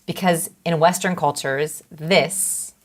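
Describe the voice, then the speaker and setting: Lower-voiced woman explaining with examples. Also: slow. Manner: lively, explains with acted-out examples. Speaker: guest, behavioral expert. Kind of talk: explanatory interview talk.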